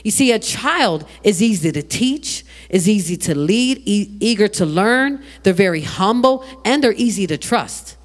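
A preacher in full sermon flow, with a lively voice that rises and falls. The delivery is animated, full of restarts and repeated words. Questions are thrown straight out to the congregation. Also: mid-range voice, measured pace, few pauses.

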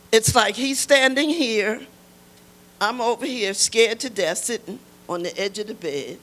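A woman's voice: a little high, a little slow, a bit bright, poor audio. An older woman giving an emotional church testimony, emphatic and repeating key lines to urge her listeners.

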